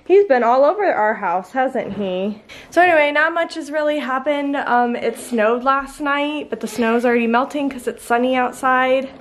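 A woman's voice: high voice, normal speed, a little hiss or hum. A young woman casually chatting in a home vlog, with lots of "like" and "um" fillers. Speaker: vlogger and mother. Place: family home indoors.

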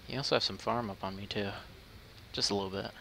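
Gravelly, bright-voiced young man gaming. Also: lowish voice, steady tone, quick pace, slight background noise. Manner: joking, teasing, loud mock whining. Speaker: gamer recording a match. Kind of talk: casual gameplay chat.

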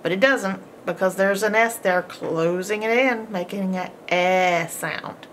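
Patient teacher, woman, slow and deliberate, spells words sound by sound, faint hiss behind. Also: mid-range voice, fairly bright tone. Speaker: homeschool teacher. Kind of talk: phonics lesson.

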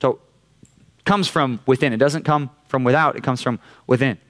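A man's voice: mid-range voice, moderate pace, fairly bright tone. A young man with a Californian accent preaching a casual sermon to a youth group, conversational and often checking in with "right?". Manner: conversational, keeps asking "right?". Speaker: youth pastor. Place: church youth room.

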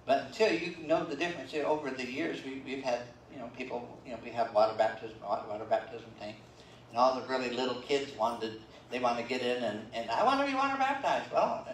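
A man's voice: mid-range voice, slight background noise. An older man preaching a sermon as pastor, talking conversationally with many fillers and "okay?" check-ins. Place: church sanctuary. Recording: roomy, distant church livestream.

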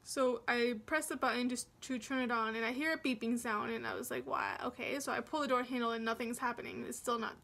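A woman's voice: on the high side, steady tone, fast, hardly any pauses, fairly bright tone. A young woman vlogger telling a storytime in a chatty, rambling way, full of restarts. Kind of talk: storytime vlog narration.

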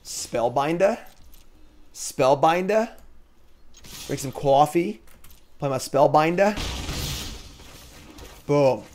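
A man hosting a card game stream, giving casual live commentary as he plays, thinking out loud and joking with chat. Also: fairly high pitch, animated, drawn-out words, pauses often, slight background noise. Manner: jokey, reads chat comments aloud.

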